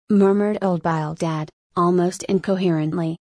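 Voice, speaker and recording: A woman narrating a classic novel as an audiobook, reading slowly and steadily with long pauses. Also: on the low side, steady tone, a little mellow, no room sound, studio quality.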